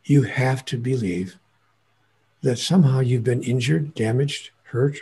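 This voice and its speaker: A man with a very husky, gravelly voice explains spiritual ideas as a guest. He tells stories and hammers his points home with repetition. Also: mid-range voice, a little slow, mellow. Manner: storytelling, emphatic repetition. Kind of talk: lecturing in conversation.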